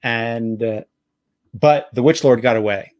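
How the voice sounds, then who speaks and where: A man with a light New Jersey accent runs a streamed tabletop game, recapping events with lots of restarts and little laughs. His mid-pitched voice is recorded close and dry, with almost no room sound. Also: a little mellow, dry recording. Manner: halting, self-correcting, laughs easily. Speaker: game master. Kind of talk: casual actual-play narration.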